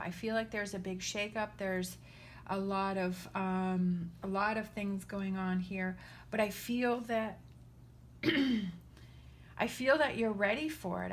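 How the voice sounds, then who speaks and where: A woman's voice: medium pitch, slight background noise. A woman giving a casual spoken tarot reading, earnest and reassuring, often checking in with the listener. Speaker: tarot reader.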